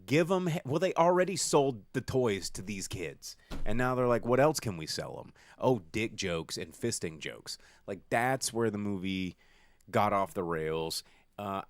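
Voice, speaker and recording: A man co-hosting a casual movie-review podcast, rambling and animated, acting out lines in silly voices. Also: lowish voice, measured pace, clean tone, dry recording, clean studio sound. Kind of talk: casual chat. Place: studio.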